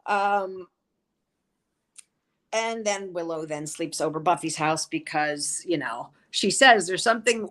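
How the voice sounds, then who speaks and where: A woman casually recapping TV episodes on a podcast, telling it in an animated way. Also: fairly low pitch, slow. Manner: animated storyteller, acts out quotes. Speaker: podcast co-host.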